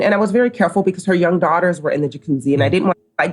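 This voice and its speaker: A middle-aged woman from the United States, speaking low as a podcast guest. She tells her story casually and brings each quoted person to life. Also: rapid-fire. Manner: animated storyteller, acts out quoted dialogue. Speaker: company co-founder, podcast guest.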